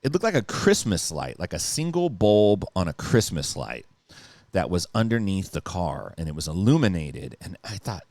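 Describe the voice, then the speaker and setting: A man guesting on a podcast, spinning a rambling, swear-heavy yarn full of fillers and sound effects. His voice sits on the low side but swings all over the place as he tells it. It is recorded close and dry. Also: very animated, moderate pace, darkish tone, no echo. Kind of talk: animated casual storytelling.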